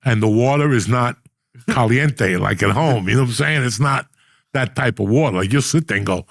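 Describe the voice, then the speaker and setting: Gravelly, profane middle-aged man storyteller. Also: medium pitch, fast talker, dry recording, studio quality. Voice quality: gravelly, husky. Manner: profane, blunt, rambling storyteller. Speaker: podcast host. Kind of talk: casual chat, storytelling.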